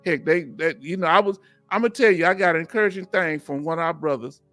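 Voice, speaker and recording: Southern Texan male stream host, bright and high, jokey, chats with viewers. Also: quick pace, faint music behind. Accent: Southern US (Texas). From Houston, Texas. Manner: joking, laughs often, talks to chat viewers. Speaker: veteran livestream host. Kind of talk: casual live-stream chat.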